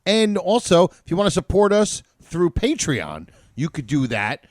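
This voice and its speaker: A middle-aged man hosting a podcast, reading plugs in a lively, jokey way. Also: high voice, a little slow, dry recording, studio quality. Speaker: podcast host. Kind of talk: casual podcast chat.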